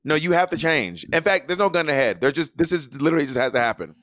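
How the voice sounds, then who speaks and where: A man's voice: on the high side, lively intonation, fast talker, a bit bright, dry recording, studio quality. A man co-hosting a podcast, bantering in a playful, teasing way. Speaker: podcast co-host. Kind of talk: casual banter.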